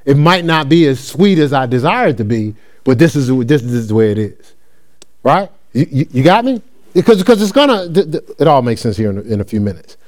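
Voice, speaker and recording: Brisk and mid-range, this man's voice carries a conversational sermon full of repeated phrases. His animated preaching keeps checking in with the listeners, drawing call-and-response as he teaches.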